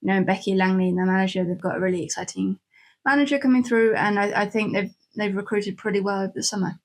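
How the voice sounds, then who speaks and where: A woman's voice: medium pitch, fast talker. A woman co-hosting a football podcast, thinking aloud in a thoughtful, hedging way. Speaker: podcast co-host. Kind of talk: casual football podcast chat.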